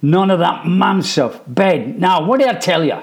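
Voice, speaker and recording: Man voicing a scolding storybook mother, loud and clipped. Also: sits high, animated, unhurried, gravelly, voice pushed up, heavily acted. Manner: sharp, bossy, telling off. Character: scolding working-class mother.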